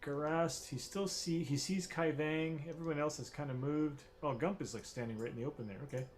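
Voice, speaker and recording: A man running a tabletop game as game master, talking in a relaxed, halting way with many restarts. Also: a little high, soft background music.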